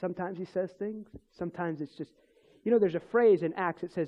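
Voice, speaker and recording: A man's voice: sits high, fairly quick, dull audio. A man, a Christian minister, telling a personal faith testimony in conversation, rambling with restarts and chuckles.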